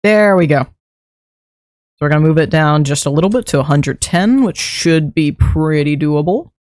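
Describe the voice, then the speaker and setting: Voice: mid-range voice, moderate pace, a little mellow, no room sound. Chatty streamer muttering through a build. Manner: rambling self-talk, chuckling at own mistakes. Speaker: streamer building a game base. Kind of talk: casual gameplay commentary.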